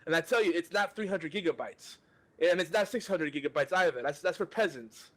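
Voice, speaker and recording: Slightly high-voiced man ranting. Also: brisk, fairly bright tone. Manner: ranting, exasperated, many restarts. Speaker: podcast host. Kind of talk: casual podcast banter.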